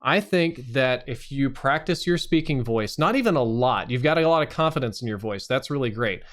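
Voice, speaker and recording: A man's voice: mid-range voice, expressive, normal speed, a bit bright. A man hosting a live stream, reviewing channels with blunt, casual and sometimes profane critique.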